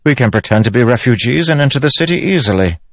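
A man's voice: medium pitch, lively intonation, quick pace, no room sound, studio quality, pitched above the performer's own voice, close to an everyday voice. A man doing an eager young king. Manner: eager, earnest. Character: impulsive young male king, earnest and eager.

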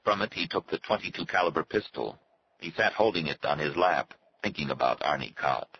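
A man giving a steady, measured reading of a novel as its narrator. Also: extremely low pitch, breathy edge, muffled recording. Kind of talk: scripted audiobook narration.

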